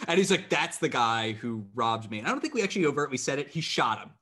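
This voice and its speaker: A man co-hosting a podcast, recapping a TV episode in a measured, thoughtful way with lots of fillers. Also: medium pitch, animated, sharp tone. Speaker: podcast co-host. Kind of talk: casual chat recapping a TV episode.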